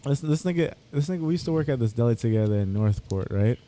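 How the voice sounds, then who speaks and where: A man's voice: medium pitch, lively intonation, quick pace, dark tone. A young man in casual podcast chat, telling a laid-back story. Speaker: podcast co-host.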